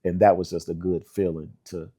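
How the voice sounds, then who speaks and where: Low-voiced older man telling stories. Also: level tone, a little fast, a crowd in the background. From Indianapolis, USA. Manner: laughing, acts out quoted voices. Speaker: songwriter guest. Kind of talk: relaxed storytelling interview.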